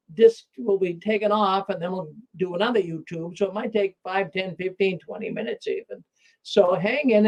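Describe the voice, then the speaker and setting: Man, call-in show host, excited, repeats himself, high-pitched, muffled audio. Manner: excitable, repetitive, stumbling restarts. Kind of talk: live call-in talk show.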